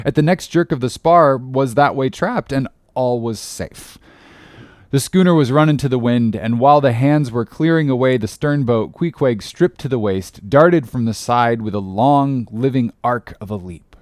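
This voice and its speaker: A man narrating a classic sea story in an expressive, dramatic reading voice. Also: mid-range voice, moderate pace, no echo, studio quality. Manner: expressive, rising with the action. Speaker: audiobook narrator.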